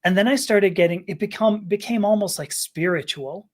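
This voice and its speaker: A woman's voice: mid-range voice, normal speed. A woman guest on a podcast, telling a personal story candidly, often stammering, laughing and restarting her sentences.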